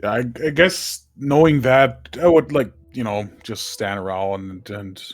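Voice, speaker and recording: A young man playing a tabletop role-playing game, hesitant and halting, often repeating words as he thinks aloud. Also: mid-range voice, expressive, dry recording. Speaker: player. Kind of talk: casual tabletop play.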